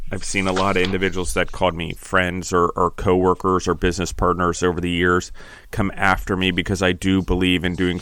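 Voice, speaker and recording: A middle-aged man speaking earnestly and reflectively in an interview, often pausing and restarting his phrases. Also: deep voice, a bit bright, smooth, dry recording. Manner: earnest, halting, restarts phrases, gets emotional. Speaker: podcast host.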